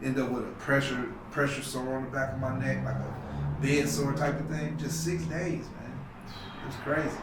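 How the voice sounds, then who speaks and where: A man's voice: mid-range voice, level tone, normal speed, vocal fry, far from the mic, heavy background noise. A man telling a personal story on a podcast, acting out the voices of the people in it. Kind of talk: storytelling in casual talk. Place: podcast studio. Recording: roomy echo from off mic.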